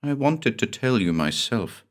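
A man's voice: mid-range voice, sing-song, measured pace. A man voicing a terrified, half-possessed young woman who babbles and sobs. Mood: tender. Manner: babbling, sobbing, pleading.

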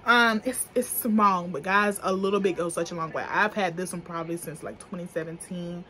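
This young adult beauty vlogger has a lowish voice with a sharp tone and a brisk delivery. Speaking African American Vernacular English, she reviews makeup in a casual vlog, chatty, profane and full of slang, laughing often.

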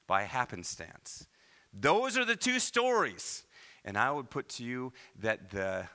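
A man from Iowa preaching a sermon as pastor, with animated delivery and many rhetorical questions. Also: medium pitch. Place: church.

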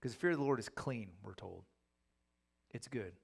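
A man's voice: on the low side, expressive, moderate pace, creaky, breathy edge. A man preaching a casual, conversational Bible teaching, acting out the voices of the people in his stories. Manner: conversational, acts out quoted voices. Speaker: pastor.

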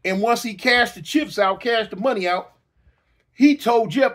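Brief: middle-aged male storyteller, high voice, animated, hiccups. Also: a little slow. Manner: animated, repetitive, with sound effects. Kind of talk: casual storytelling.

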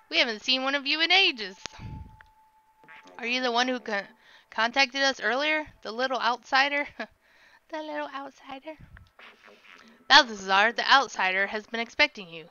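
A welcoming robot villager from a video game, read in a plain, unhurried voice by a woman streamer. The tone is high and bright. Faint game music plays under a slightly dull recording. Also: animated, clean tone.

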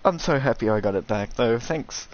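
A young man doing casual, sweary commentary over a video game, ranting and excitable. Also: mid-range voice, moderate pace, lo-fi sound. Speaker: gaming streamer.

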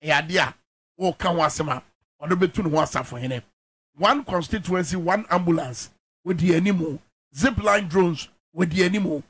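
A man's voice: sits high, normal speed, a bit bright, slightly rough, no room sound. A man with a Ghanaian accent hosting a political talk show, probing his guest in a mix of a local language and English. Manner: probing, backchannels often.

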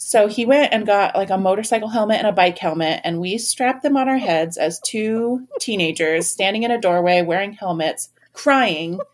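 A woman in her thirties telling funny personal stories as a podcast guest, self-mocking and animated, with lots of "like". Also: medium pitch, moderate pace, hardly any pauses. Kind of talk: casual storytelling.

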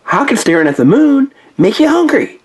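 A man voicing a clever, eager male inventor pup in a toy play-along story, insistent and excited. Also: extremely high pitch, normal speed, breathy edge, pitched above the performer's own voice, heavily acted.

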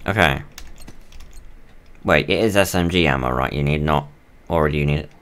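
A man's voice: very deep voice, moderate pace, a bit bright, clean tone. A man streaming a co-op game, chatting casually and joking with his teammate while he plays. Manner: chatty, jokey, mock British and Australian voices. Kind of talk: casual co-op gaming chat.

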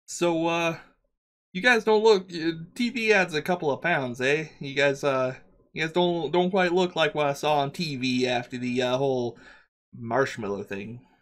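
A man's voice: fairly high pitch, normal speed, a bit bright, voice pushed up, close to an everyday voice. A man voicing a friendly, burly, bearded male subway maintenance worker, who talks in a chatty, rambling, easygoing way. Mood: chummy.

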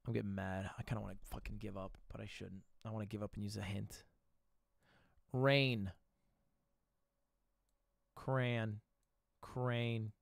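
A man's voice: fairly low pitch, little pitch movement, slow pace, gravelly, pauses often, no room sound, studio quality. A young man streaming, thinking aloud through a word game, muttering guesses and swearing often. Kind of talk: casual gaming commentary.

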